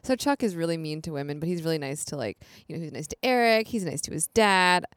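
Young woman cohost, fed-up chatty tone, lowish voice, dry close mic. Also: expressive, clean tone, dry recording. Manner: chatty, exasperated, quick asides with "like". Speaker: podcast co-host. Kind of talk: casual chat.

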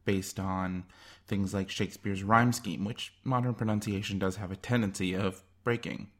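A man's voice: on the low side, fairly even intonation, moderate pace, a bit bright. A man narrating a scripted video essay in a wry, enthusiastic way.

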